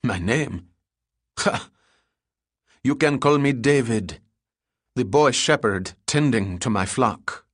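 A man's voice: medium pitch, expressive, slow pace, fairly bright tone, dry recording, studio quality. A man doing a smug, mocking gunman. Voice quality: smug, laughing. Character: grown man, a mocking armed thief.

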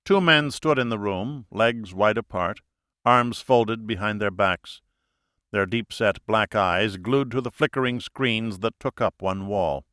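A man narrating a thriller audiobook in a measured, dramatic storytelling manner. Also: on the low side, pushed and bright, dry recording, clean studio sound.

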